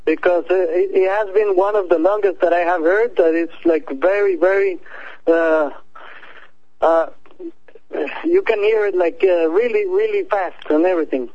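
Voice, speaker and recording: High-voiced man, hesitant. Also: moderate pace, no echo, lo-fi sound. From El Salvador. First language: Spanish. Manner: hesitant, searching for words. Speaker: guest. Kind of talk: casual remote chat.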